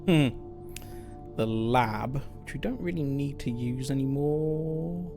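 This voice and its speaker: A man's voice: mid-range voice, slow, warm tone, faint music behind. A man streaming a video game, thinking aloud in casual, muttered commentary.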